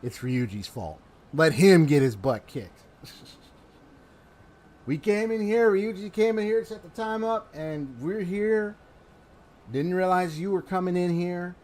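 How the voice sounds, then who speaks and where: A man casually commenting on a game he is playing, animated and slangy, laughing often. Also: high voice, unhurried, pauses often. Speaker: let's play host.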